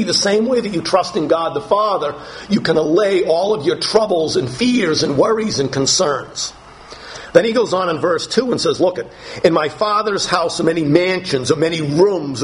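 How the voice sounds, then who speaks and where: Emphatic man preaching a sermon. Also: a little hiss or hum. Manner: slow, emphatic scripture reading, rising to higher pitch when dramatizing. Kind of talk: sermon, reading and explaining scripture.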